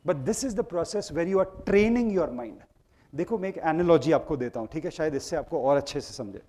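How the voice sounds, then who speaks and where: A man's voice: on the high side, expressive, very fast, dark tone. A middle-aged man with an Indian accent gives a motivational talk to a live audience, switching between Hindi and English and putting questions to the crowd again and again. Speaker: speaker leading a workshop. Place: auditorium with an audience.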